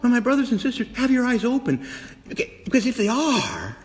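A male Catholic priest giving an animated sermon, asking his congregation many questions and shifting between loud outbursts and hushed whispers. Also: very high voice, fairly quick, in a large hall. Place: church.

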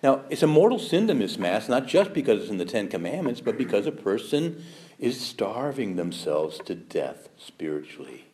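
A man giving a Catholic parish talk, animated and humorous, firing rhetorical questions at the audience and acting out the objections people raise. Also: fairly low pitch, moderate pace, slight background noise. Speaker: Catholic speaker.

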